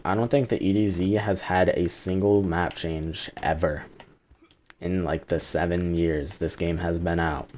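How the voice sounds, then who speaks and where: A man's voice: sits low, darkish tone. A man streaming a game, rambling through his opinions in casual chat and swearing now and then. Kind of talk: casual live-stream commentary.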